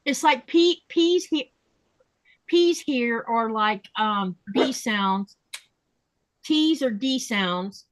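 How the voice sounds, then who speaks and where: A chatty woman hosts a relaxed podcast conversation, her voice sitting a little high. She slows down to spell out pronunciations and repeats words carefully. The sound is close and dry, with no room echo. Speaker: podcast host. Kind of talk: casual chat.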